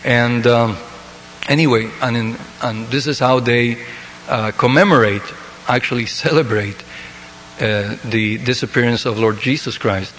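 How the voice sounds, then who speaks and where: A man from South America gives a loose devotional talk, pausing often and restarting his sentences. His voice sits at a middling pitch and carries a long hall reverb, with faint ambient noise behind him. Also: steady tone, a bit bright. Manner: hesitant, many fillers and restarts. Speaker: devotional speaker. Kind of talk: unscripted sermon.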